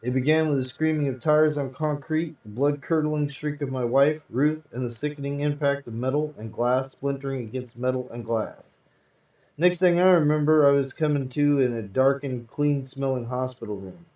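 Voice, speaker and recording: A man's voice: medium pitch, normal speed. A man hosting a live show, reading comic book tales aloud with dramatic storytelling. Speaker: host and reader. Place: virtual-world live event. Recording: roomy, distant, dull sound.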